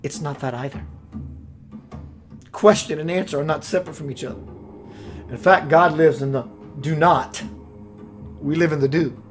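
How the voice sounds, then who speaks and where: A man with a slightly high voice gives a meandering spiritual talk. He muses aloud and sometimes gropes for the right word. Faint music plays underneath. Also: normal speed, long pauses. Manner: meandering, musing, searching for words. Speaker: spiritual teacher.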